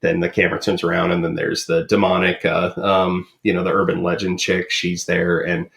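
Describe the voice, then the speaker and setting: A man's voice: low-pitched, completely flat delivery, normal speed, vocal fry, fairly bright tone. A man co-hosting a podcast in casual chat, rambling with many ums and uhs. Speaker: podcast co-host.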